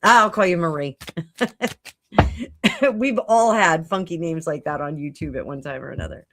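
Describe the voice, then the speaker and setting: A middle-aged woman with a deep voice hosts a psychic livestream from home, speaking a little slowly over background noise picked up by her computer mic. She chats casually, answering viewer comments and thinking aloud with lots of fillers and restarts.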